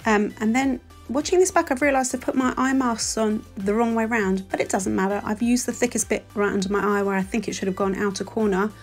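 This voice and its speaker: A woman's voice: mid-range voice, fairly even intonation, brisk, few pauses. A woman in her forties with a London accent, talking through a makeup tutorial as a voice-over in a chatty, self-deprecating, gushing way. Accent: London English. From England. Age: 40s. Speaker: beauty vlogger. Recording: faint music underneath.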